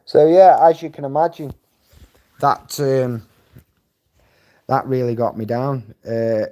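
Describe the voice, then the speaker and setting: A man's voice: mid-range voice, slow pace, long pauses, dark tone. A Scottish man chatting casually on a live stream, rambling and swearing bluntly as he reads and answers viewer comments. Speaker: livestreamer.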